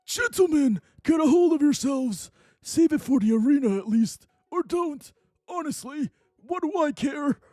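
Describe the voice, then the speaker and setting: A haughty, career-minded young woman , played by a man speaks in a very high, dismissive, aloof voice. It is recorded dry and close, with faint music underneath. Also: animated, unhurried, darkish tone, no echo.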